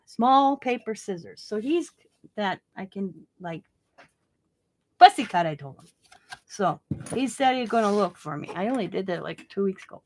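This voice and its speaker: A woman's voice: mid-range voice, animated, moderate pace, darkish tone, slight background noise. A woman hosting a craft vlog, chatty and often laughing as she tells a story. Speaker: craft channel host. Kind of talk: casual craft vlog chat.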